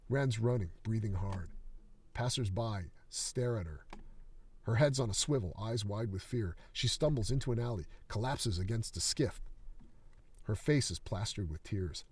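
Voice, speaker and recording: Low, husky man reading a screenplay. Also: animated, moderate pace, darkish tone, no echo. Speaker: writer reading his screenplay. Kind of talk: screenplay read-aloud.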